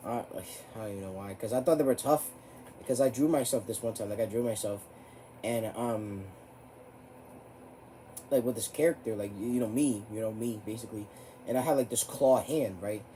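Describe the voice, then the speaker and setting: A teenage boy telling a story to camera in a rambling, profane way. His voice jumps high when he gets riled up. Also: fairly quick, warm tone, slight background noise. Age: teens. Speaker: vlogger.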